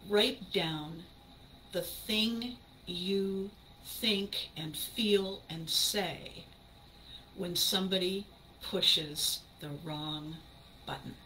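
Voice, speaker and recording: A woman hosting a motivational podcast, animated and emphatic, often laughing and acting out what other people say. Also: fairly low pitch, drawn-out words, slight background noise, rough recording. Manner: acts out quoted people in a shifted voice. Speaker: podcast host. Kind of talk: motivational talk.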